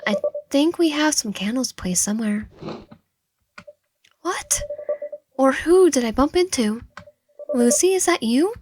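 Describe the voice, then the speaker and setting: Woman reading a visual novel out loud, expressive, bit high, trips over words sometimes. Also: unhurried, long pauses, slight background noise. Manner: expressive first-person reading, with stumbles. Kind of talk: dramatic game read-through with asides.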